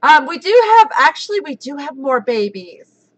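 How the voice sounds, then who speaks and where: A woman in her thirties hosting a casual live chat, giddy, giggly and excitable. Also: high-pitched, normal speed, rough recording. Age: 30s. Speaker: livestream host.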